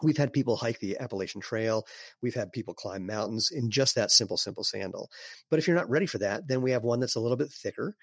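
A man speaking as an interview guest, explaining in a relaxed way with fillers and some throat clearing. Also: medium pitch, fast, dry recording. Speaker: guest, barefoot sandal maker. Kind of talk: casual conversational interview.

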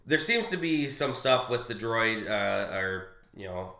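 A man chatting casually about a comic, rambling and halting with fillers and restarts. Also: fairly low pitch, lively intonation, vocal fry, pushed and bright, echoey room. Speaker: co-host discussing a comic. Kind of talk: casual chat.

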